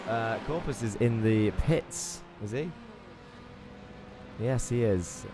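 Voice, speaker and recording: A man's voice: on the low side, slow. Chatty man commentating a sim race. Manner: chatty, excitable, reads out viewer chat. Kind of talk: live sim racing commentary. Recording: game car engine noise underneath. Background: racing car engine noise.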